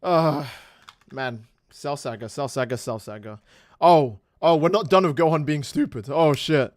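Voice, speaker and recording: A man's voice: fairly high pitch, unhurried, dry recording. A man streaming a game, ranting and swearing in casual commentary while answering chat. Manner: profane, ranting, animated.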